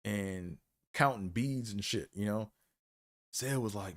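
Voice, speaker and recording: A man with a lowish voice tells college stories on a live stream, going slowly and pausing often, and his easygoing talk keeps returning to "man" and "you know."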